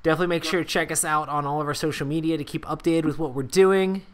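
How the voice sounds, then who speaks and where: A man's voice: fairly high pitch, fairly even intonation, fast talker. A man co-hosting a board game podcast, laid-back and chiming in with short asides. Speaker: podcast co-host. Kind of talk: casual podcast chat.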